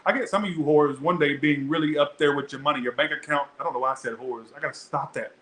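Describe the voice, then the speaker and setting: A man's voice: fairly high pitch, fast, reverberant, noisy background. A young man doing a casual tarot reading, chatty and blunt, swearing freely as he talks to his viewers. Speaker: tarot reader.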